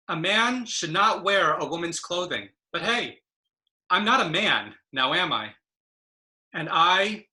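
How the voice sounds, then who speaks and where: A woman's voice: fairly low pitch, pushed and bright. A woman poet on a video call, giving an impassioned, emphatic spoken-word reading of her own poetry. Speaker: poet and presenter.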